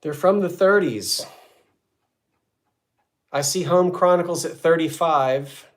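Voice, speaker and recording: Speaking slowly in a slightly high voice, this American man runs a live online sale, ticking down bids and ribbing his regular customers in easygoing auction chatter. Coughing fits interrupt him throughout.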